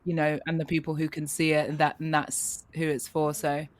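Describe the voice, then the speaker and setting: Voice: mid-range voice, monotone, brisk. An interview host speaking in a supportive, reflective way, often agreeing with short replies.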